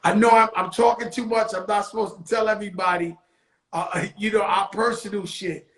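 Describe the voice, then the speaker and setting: Man, talk show host, high voice, casual profane storytelling, echoey room. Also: steady tone, a bit bright, slight background noise. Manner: loose, profane, street-talk delivery; slows into motivational preaching.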